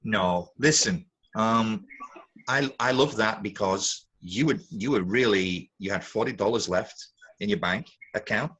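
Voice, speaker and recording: Casting: lower-voiced man, teasing game-show judge, animated and joking. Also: unhurried, slightly rough, poor audio. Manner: teasing, animated, mock-pleading. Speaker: co-host and judge. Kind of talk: playful game show banter.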